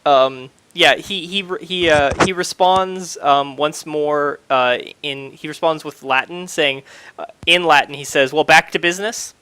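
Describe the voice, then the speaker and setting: A man's voice: a little high, a little slow, pushed and bright, a little hiss or hum. A young man narrating as game master, stumbling through many fillers and restarts.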